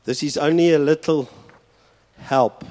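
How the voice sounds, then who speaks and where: Pastor preaching slowly. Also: male voice, a little high, fairly even intonation, a little mellow. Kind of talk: sermon. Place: church hall.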